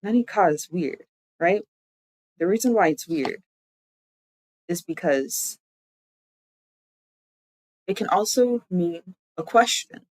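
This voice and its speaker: A streamer talks through a casual live-stream lesson, chatty and loose, often correcting themself mid-sentence. The voice sits at a middling pitch and sounds dry and close, with no room around it. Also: lively intonation, slow, pauses often, no echo, low-quality recording. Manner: chatty, loose explanations full of "like"; self-correcting, thinking aloud. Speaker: streamer teaching language.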